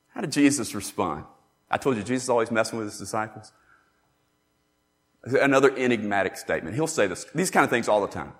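A man preaching a sermon, emphatic and animated, acting out the scripture he quotes. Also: mid-range voice, fairly quick. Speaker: pastor. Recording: long reverb in a large hall.

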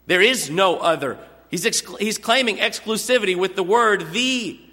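A man's voice: high-pitched, lively intonation, normal speed, sharp tone. A man preaching a sermon, explaining scripture earnestly and stretching out key words for emphasis. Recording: long hall reverb.

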